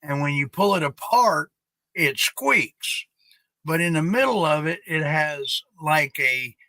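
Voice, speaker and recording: A man hosts a casual live stream, drawling slowly through rambling stories peppered with swearing. His voice sits a bit high and comes across bright and forward. The sound is close and dry. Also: expressive, no echo. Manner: rambling, profane, drawn-out.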